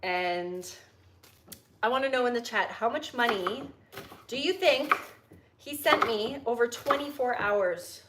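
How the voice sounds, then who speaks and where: Cooking in her home kitchen, a young livestream host chats easily with viewers and reads their questions from the chat. She speaks unhurriedly in a fairly high voice, and the recording is very noisy.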